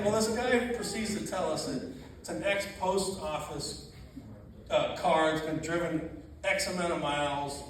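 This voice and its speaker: A man telling laughing, animated stories about a friend at a memorial reception in a church hall. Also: fairly high pitch, unhurried, over a noisy crowd. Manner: animated storyteller, laughing often, acting out quotes. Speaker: funeral reception speaker. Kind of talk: storytelling at a memorial gathering. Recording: very echoey, distant, noisy room.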